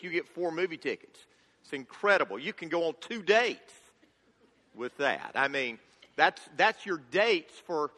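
A man's voice: on the high side, bright, forceful tone, in a large hall. A male pastor preaching a sermon with enthusiastic, folksy humor.

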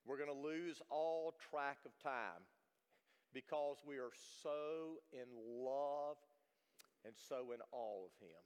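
A man's voice: medium pitch, slow, clean tone. Man, pastor, earnest sermon, repeats for emphasis, church sanctuary, long reverb. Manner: earnest preaching with repetitions.

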